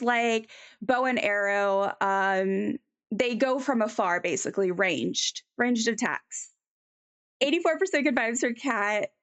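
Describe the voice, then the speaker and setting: A woman's voice: fairly high pitch, fairly bright tone. A woman chatting casually on a live stream as she draws, rambling with many ums and answering chat.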